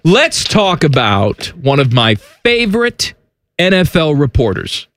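A man co-hosting a comedy podcast, ribbing his co-host in casual, deadpan banter. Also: on the high side, unhurried, no room sound.

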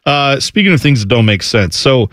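A man co-hosting a casual sports talk show, talking in a lively, mocking way and slipping into quick impressions of other people. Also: mid-range voice, dry recording.

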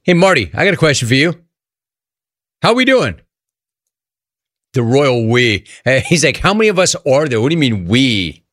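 A man hosting a radio call-in show, riffing sarcastically between callers with animated banter. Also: medium pitch, fast talker, dry recording.

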